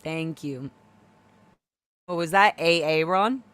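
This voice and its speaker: A woman tells a story in casual chat on a live video call. Her voice is bright and forceful, recorded close and dry. She is animated and loudly acts out each quoted line. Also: deep voice, takes it slowly, smooth, no echo. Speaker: guest on live stream.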